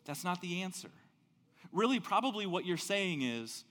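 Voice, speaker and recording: A man preaching a sermon as pastor, telling stories with big swings between loud and soft. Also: moderate pace, long reverb tail. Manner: animated storytelling, big swings in pitch and loudness.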